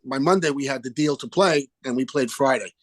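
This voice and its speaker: Older New man telling lively stories. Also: medium pitch, a little fast, no echo. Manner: animated storyteller, acts out phone calls in quoted voices. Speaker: guest musician. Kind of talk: casual interview chat.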